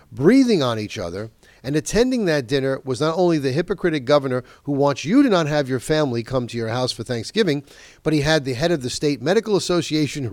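Recorded without echo, a man whose voice is a little high and darkish in tone hosts a political talk show. As a talk radio host, he leans heavily on key words throughout an indignant, emphatic monologue.

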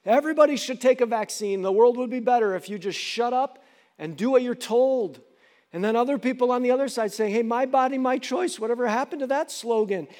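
A man preaching from the pulpit with a high, bright voice, slipping into quick character voices as he makes his points. The sound carries a long hall reverb that sets him in a large church space. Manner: animated, acts out quick dialogues in varied voices. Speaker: pastor. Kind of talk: sermon. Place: church sanctuary.

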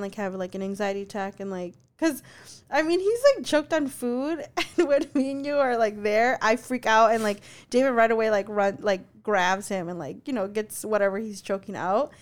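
A woman's voice: medium pitch, clean tone. A young woman co-hosting a podcast, telling a story in casual chat, full of "like" fillers and swearing freely. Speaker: podcast co-host.

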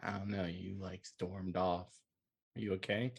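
A man's voice: low voice, flat delivery, slightly rough, exaggerated voice. A man voicing an awkward, guarded but kind young man in a tabletop role-play, speaking hesitantly. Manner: hesitant, halting, self-conscious.

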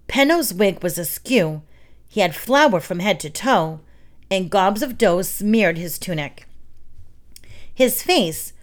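A woman reading children's stories aloud in a soft, steady narration. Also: lowish voice.

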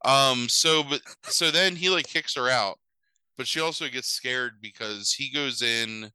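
A man with a very bright, sharp tone retells a film's plot in loose, rambling conversation, peppered with swearing and "like" and "um". His voice comes through smooth and crisp, recorded dry with almost no room sound. He talks like a podcast host at ease with a co-host. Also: medium pitch, measured pace, no room sound, rough recording. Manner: rambling, profane, full of fillers and asides. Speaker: podcast host recapping a film. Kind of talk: casual chat.

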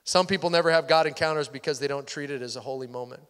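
A man's voice: on the high side, quick pace, a bit bright, clear, resonant tone. A male pastor giving a Sunday sermon in a conversational way, sometimes dropping to a near-whisper. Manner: conversational, drops to near-whisper for intimate points. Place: church sanctuary. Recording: hall reverb.

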